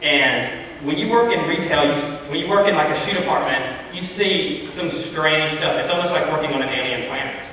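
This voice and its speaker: A man gives a storytelling Bible talk to children, chatting and asking them questions as he goes. His voice sits a bit high and comes from a distance. A long, roomy echo fills the church hall around him, with a faint hiss underneath. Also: brisk, hardly any pauses, pushed and bright. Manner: storytelling, conversational, addresses kids. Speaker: youth speaker. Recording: echoey hall, far from mic.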